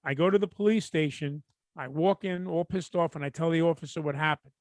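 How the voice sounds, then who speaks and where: A man's voice: a little high, brisk, dry recording. A man, co-hosting a podcast and telling stories full of swearing, acting out both sides of each exchange. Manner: profane, animated storyteller acting out dialogue. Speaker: podcast co-host. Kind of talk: casual chat, storytelling.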